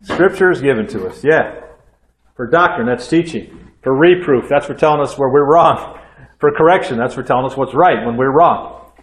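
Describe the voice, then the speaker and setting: A man's voice: medium pitch, moderate pace. A man in his sixties preaching a sermon in a church with folksy storytelling and conversational asides. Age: 60s. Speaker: pastor. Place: church hall. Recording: echoey room.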